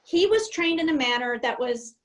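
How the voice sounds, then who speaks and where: A middle-aged woman, an airline captain, telling stories in a casual interview, animated and laughing often as she acts out cockpit talk. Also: high-pitched, moderate pace, rough recording.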